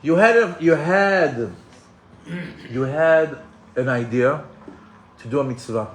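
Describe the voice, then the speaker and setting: Male Torah teacher, animated, slightly higher voice, echoey room with faint ambience. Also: slow, slight background noise. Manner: animated, acts out quoted voices, many restarts. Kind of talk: Torah class sermon.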